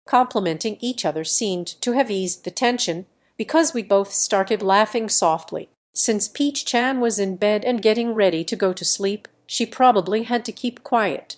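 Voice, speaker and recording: A woman narrating a first-person romance audiobook in a gentle, earnest storytelling manner. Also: medium pitch, moderate pace, hardly any pauses.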